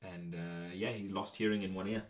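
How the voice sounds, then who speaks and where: A man's voice: sits low, fairly even intonation, moderate pace. A man co-hosting a casual movie podcast, leading the list and explaining film trivia. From Canada. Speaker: podcast co-host. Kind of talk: casual chat.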